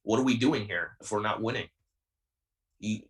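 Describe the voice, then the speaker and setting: A man's voice: on the low side, moderate pace, recorded from a distance, rough recording. Heated young man, a bit off-mic. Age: 20s. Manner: intense, defiant, repeats himself. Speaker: wrestler guest. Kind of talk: heated podcast interview.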